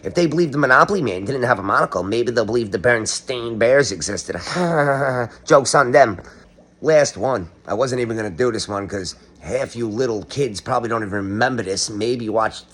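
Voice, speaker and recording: A man's voice: on the low side, fairly quick, fairly bright tone. A middle-aged man giving a sarcastic, ranting comedic monologue, now and then breaking into sung or quoted lines. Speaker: online commentator. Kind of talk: casual comedic monologue to camera.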